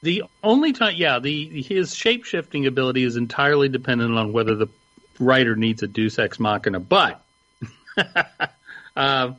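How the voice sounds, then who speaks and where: A man talks on a review panel with bright, forceful energy and a pitch that jumps around as he speaks. The audio comes through somewhat muffled and lo-fi. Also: moderate pace. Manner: lively, animated quoting. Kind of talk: casual review chat. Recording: slightly dull lo-fi audio.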